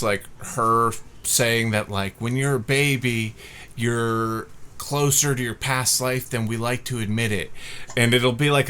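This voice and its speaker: A man co-hosting a casual live stream, speaking slowly with a bright, sharp tone. He sounds laid-back and wry over a video call, with faint noise in the background. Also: medium pitch. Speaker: podcast co-host. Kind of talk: casual livestream chat.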